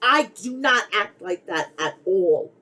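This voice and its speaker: A woman's voice: medium pitch, animated, takes it slowly, sharp tone, poor audio. A middle-aged woman hosting a podcast, ranting bluntly and heatedly about pro wrestling with heavy swearing. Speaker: podcast host. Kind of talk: wrestling opinion rant.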